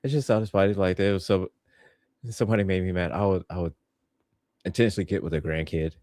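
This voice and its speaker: A man's voice: deep voice, fast, a little mellow, no echo, clean studio sound. A man hosting a podcast, reviewing a show in casual, joking chat. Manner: playful, joking, laughs a lot. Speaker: podcast host.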